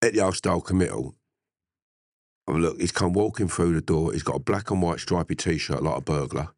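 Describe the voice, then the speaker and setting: A middle-aged man, telling a story in an interview, animated, often laughing and swearing. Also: deep voice, brisk, slightly rough, dry recording, clean studio sound. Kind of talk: casual storytelling.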